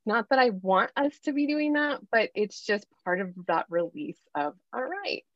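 Middle-aged woman podcast guest, earnest and animated, with a slightly muffled, dry recording. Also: mid-range voice, moderate pace, no room sound. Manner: earnest, animated storytelling with filler ums. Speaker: guest life coach. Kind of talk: podcast interview, candid personal story.

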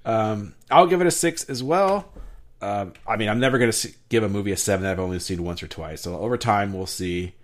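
A man with a lowish voice speaks briskly as a podcast host in a casual movie review chat. He rambles, using lots of fillers and restarts while asking questions.

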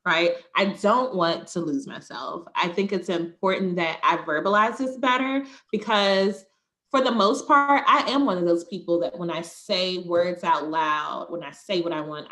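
Podcast co-host, woman, fairly low voice, thoughtful candid talk with frequent laughs. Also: a bit bright. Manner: reflective, laughs often, acts out quoted voices. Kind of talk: candid conversational chat.

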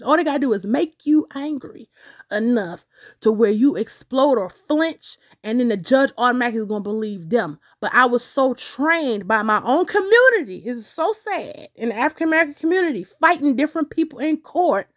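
A woman hosting a podcast, telling a personal story in a casual, animated way and talking straight to her listeners. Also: high-pitched, a little fast. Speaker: podcast host.

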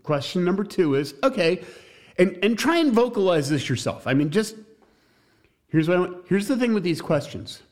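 A man's voice: high voice, very animated, moderate pace, a little mellow. A man teaching a church class on evangelism, jokey and emphatic, talking straight to his listeners.

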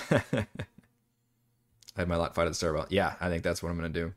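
A man's voice: low voice, fairly even intonation, a little fast. A man from Texas, a dungeon master rambling casually through campaign prep on a live stream, restarting sentences and cursing now and then. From Texas, USA.

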